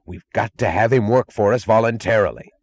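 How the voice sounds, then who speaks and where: A man's voice: on the low side, fairly quick, darkish tone, dry recording, natural voice. A man doing a snarling, cold official. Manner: snarling, snapping.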